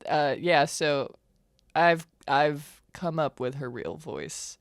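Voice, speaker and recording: A woman's voice: low voice, slow, no room sound, clean studio sound. A woman player on a tabletop role-play podcast, chatting casually and laughing often in an easygoing way.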